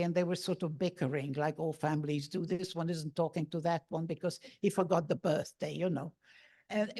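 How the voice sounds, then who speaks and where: A woman's voice: medium pitch, darkish tone. A woman in her eighties from Hungary, speaking, telling her own memories as a guest speaker in a vivid, storytelling way. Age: 80s. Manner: vivid storytelling, acting out family voices. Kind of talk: personal testimony talk.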